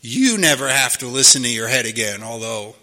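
A man's voice: medium pitch, animated, a little fast, pushed and bright. A man in his fifties or older giving an earnest personal testimony at a recovery meeting, telling stories and often asking "you know?". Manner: earnest storytelling, repeats himself, frequent "you know?".

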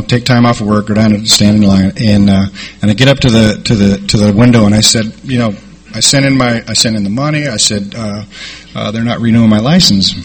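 A middle-aged man sharing a recovery story in a rambling, halting way, with many fillers. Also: mid-range voice. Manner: rambling, halting delivery with repeated "and, uh". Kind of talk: personal storytelling talk.

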